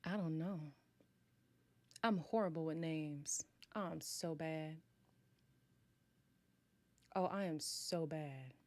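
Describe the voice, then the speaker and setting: A woman's voice: low voice, takes it slowly, long pauses, darkish tone, no echo. A woman hosting a casual livestream, reading and answering viewer chat, chatty and self-mocking and laughing often.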